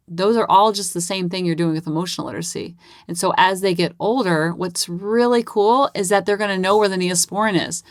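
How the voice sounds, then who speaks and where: A woman in her thirties with a lowish voice hosts a solo parenting podcast, recorded dry with clean studio sound. She's chatty and upbeat, acting out kids' voices as she goes.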